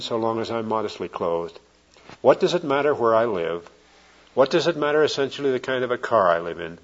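A man preaching a sermon, telling a story earnestly and often dropping his voice soft and low. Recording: dull lo-fi old recording.

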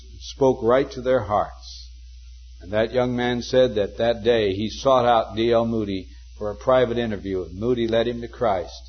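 An older man preaching a sermon, telling stories earnestly and slowing down to quote scripture. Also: mid-range voice, breathy edge. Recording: dull lo-fi sermon recording.

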